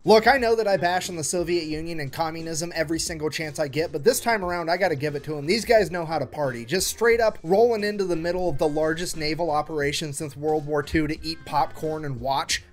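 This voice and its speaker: Brief: high-pitched man, comedic history narrator, sarcastic and crude, faint music underneath. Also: fast, few pauses. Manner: sarcastic, profane, acts out radio exchanges. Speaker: history commentator.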